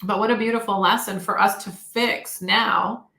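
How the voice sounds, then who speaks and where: Bright, gravelly-voiced woman in her fifties. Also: mid-range voice, fairly even intonation, normal speed, roomy sound. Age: 50s. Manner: effusive, storytelling, chatty. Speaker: guest inventor. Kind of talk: casual interview chat.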